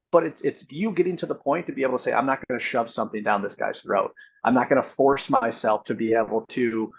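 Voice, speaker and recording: A man's voice: mid-range voice, slightly rough, highs cut off. A man coaching salespeople in a conversational way, explaining his points with examples. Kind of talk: coaching session.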